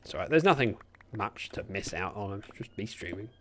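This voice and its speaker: A man's voice: lowish voice, animated, fairly quick, fairly bright tone, slight background noise. Streamer, male, chatty and rambling with viewers; voice swings up and down a lot. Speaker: livestreamer. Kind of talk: casual gaming livestream chat. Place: room at home by a window.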